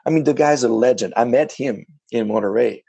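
Man, interview guest, gravelly, husky, animated, restarts often. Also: mid-range voice, fairly quick, dry recording, muffled recording. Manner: animated, self-correcting, frequent restarts. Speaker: ocean kayak adventurer, interview guest. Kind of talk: casual interview talk.

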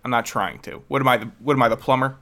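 A man's voice: medium pitch, steady tone, fast talker, pushed and bright. A man co-hosting a casual chat, joking and playfully scheming, laughing often.

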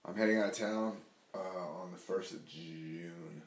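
A deep-voiced man chats as a podcast guest, rambling with plenty of swearing and filler words. His voice sits very low, and the room around him rings with echo. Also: unhurried. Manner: rambling, profane, says "like" a lot. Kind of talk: casual chat. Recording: echoey room.

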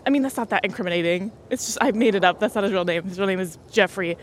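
A young adult podcast host, medium in pitch and quick in pace, chats casually through stories while laughing often. They act out other people's words, and a slight hiss or hum can be heard.

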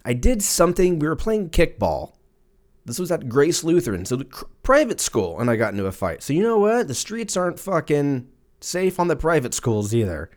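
A man's voice: on the high side, big pitch swings, normal speed, darkish tone. A man in his thirties hosting a casual solo podcast, rambling and cursing with jokey asides. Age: 30s. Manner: profane, rambling, jokey, puts on silly voices for quotes. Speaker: podcast host.

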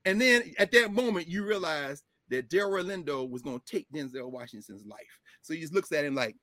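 A middle-aged man talks as a professor in a lively, emphatic flow, his pitch swinging widely as he builds his points. His voice sits a little high for a man. The sound is dry and close, with no room around it. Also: fairly quick, no room sound. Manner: emphatic, digressive, laughs often, slips into acting out quotes. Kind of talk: animated conversational film and culture commentary.

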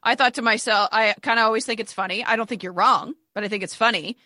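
A woman from Ontario co-hosting a podcast, quick and teasing in casual chat. Her voice is bright and forceful and sounds close and dry, with no room around it. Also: on the high side, dry recording. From Ontario, Canada. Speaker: podcast co-host.

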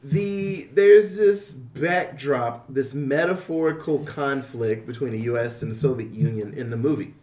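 A man's voice: mid-range voice, measured pace, few pauses, mellow. A man in casual chat, animatedly retelling a film plot with crude slang. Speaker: podcast co-host retelling a film. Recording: roomy echo.

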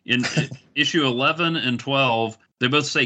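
Bright-voiced man, stumbling thoughtfully. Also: mid-range voice. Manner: halting, repeats words as he thinks. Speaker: podcast panelist. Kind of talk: casual chat.

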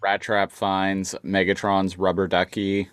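Male podcast co-host, lowish voice, dry close recording, laid-back quips. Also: monotone, a little slow, fairly bright tone, smooth, no echo. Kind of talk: casual comic recap chat.

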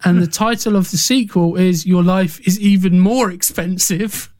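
A man co-hosting a casual film podcast, reading out trivia in a relaxed way with small restarts. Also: sits high, moderate pace, dry recording. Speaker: podcast co-host.

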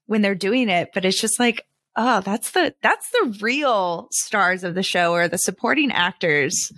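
A woman's voice: mid-range voice, lively intonation, a little slow, a bit bright, no echo, clean studio sound. A woman co-hosting a podcast, chatting casually about a movie with many "like" fillers and playful mockery. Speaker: podcast co-host. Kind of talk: casual chat reviewing a movie.

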